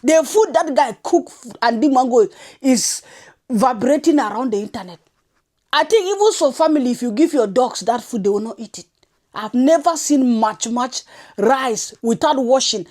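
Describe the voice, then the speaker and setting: A woman's voice: high-pitched, lively intonation, moderate pace, a little mellow. A woman, scolding and insulting as she rants in a reaction vlog. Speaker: reaction commentator.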